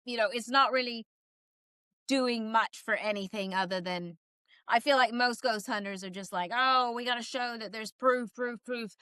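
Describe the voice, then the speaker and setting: A woman speaking as an interview guest, lively and talkative, slipping into quoted voices as she tells her stories. Her voice is bright and fairly high, and it sits close and dry on the mic. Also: moderate pace, smooth, no room sound. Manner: animated, acts out quoted voices with laughs. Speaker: psychic medium guest. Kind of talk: casual storytelling interview.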